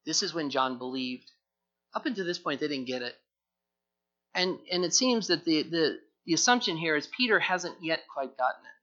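Man, pastor, expository sermon, earnest, repeats himself, hushed then fervent, dull recording. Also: fairly high pitch, expressive, normal speed.

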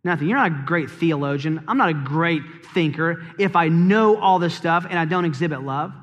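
A man preaching a sermon as pastor to his congregation, lively and conversational, with humor and rhetorical questions to the crowd. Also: a little high, moderate pace, lo-fi sound. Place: church sanctuary. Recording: long reverb of a large hall.

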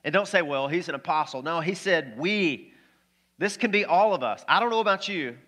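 A man preaches with lively, conversational energy, turning often to his congregation with questions. His voice sits a little high and rings bright and forceful. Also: normal speed. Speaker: pastor. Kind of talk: sermon.

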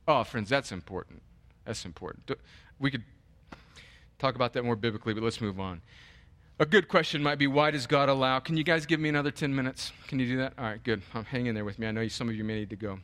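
A man preaching a sermon as pastor, earnest and animated, often restarting his sentences. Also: medium pitch, fast talker.

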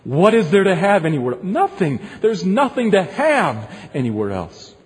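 A man's voice: high-pitched, sing-song, moderate pace. A male pastor preaching an earnest sermon, repeating phrases, in a long echoing hall.

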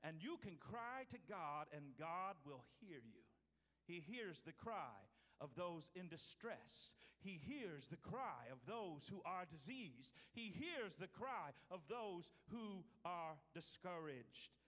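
A male pastor preaching a sermon, swinging from loud to hushed. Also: high-pitched, big pitch swings, slow. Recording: hall reverb.

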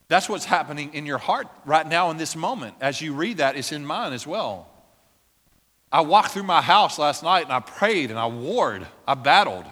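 A man preaching a sermon as a pastor, with impassioned prayer that builds toward shouting. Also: fairly high pitch, expressive, normal speed. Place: church. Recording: long reverb of a church hall.

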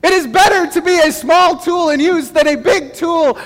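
A middle-aged man preaching a sermon as pastor, telling stories in a relaxed, conversational way with self-deprecating humor. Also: extremely high pitch, normal speed, big-room sound.

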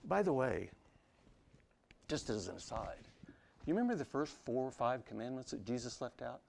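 A man preaching a sermon, putting rhetorical questions to the congregation in an animated way. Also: medium pitch, moderate pace, gravelly, slight background noise. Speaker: pastor.

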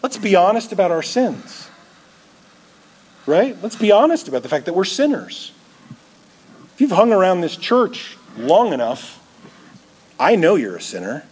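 A man's voice: high-pitched, sing-song, a little slow, long pauses, slightly rough. A male pastor preaching a sermon in a church, earnest and repeating words as he builds his points.

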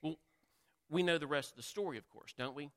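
A man's voice: fairly high pitch, a little fast, a bit bright. A man preaching a sermon in a conversational way, asking the listeners questions and acting out the quotes. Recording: long reverb of a large hall.

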